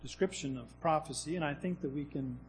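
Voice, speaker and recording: A man's voice: a little high, brisk, rough recording. A man delivers a sermon in a slightly raised voice. He teaches scripture conversationally, posing rhetorical questions and often restarting his sentences. A faint hum sits behind the recording. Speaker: preacher.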